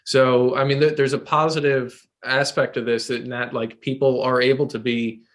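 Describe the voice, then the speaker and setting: A man's voice: medium pitch, little pitch movement, normal speed, fairly bright tone. Man musing aloud, lots of ums. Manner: searching, filler-heavy explaining. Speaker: podcast co-host. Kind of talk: casual chat.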